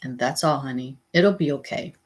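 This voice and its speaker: A woman reading as an upset, low-voiced mother. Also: normal speed. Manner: plain, tired and upset. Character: worried struggling mother, adult woman.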